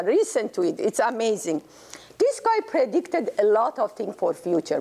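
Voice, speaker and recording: An older woman giving an informal lecture, animated and emphatic, repeating words for stress. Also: a little high, creaky.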